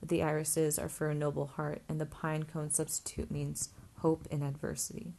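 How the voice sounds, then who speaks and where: A woman reading a gentle young boyfriend. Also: fairly high pitch, monotone, normal speed, creaky. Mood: tender. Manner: soft, apologetic.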